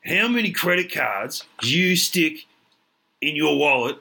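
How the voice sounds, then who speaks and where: Man playing a high, sharp, shouty lout, crude and pushy. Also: animated, a little slow, gravelly, heavily acted, poor audio. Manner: shouty, foul-mouthed, pushy. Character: crude brash loudmouth man called Duck.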